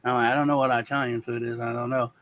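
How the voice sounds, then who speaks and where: A man from the United States, co-hosting a casual talk show, telling a childhood story in a halting, rambling way with many restarts. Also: mid-range voice, level tone, a bit bright, slight background noise, low-quality recording. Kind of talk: casual chat.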